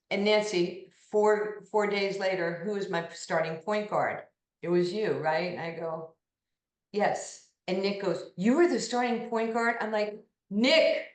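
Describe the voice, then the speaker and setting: A woman in her sixties from New York tells lively stories as an interview guest, slipping into the voices of people she quotes. Her voice sits a little low. The room around her gives it a noticeable echo. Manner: animated anecdotes, acting out quoted voices. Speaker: interview guest, basketball pioneer. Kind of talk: storytelling interview. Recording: echoey room.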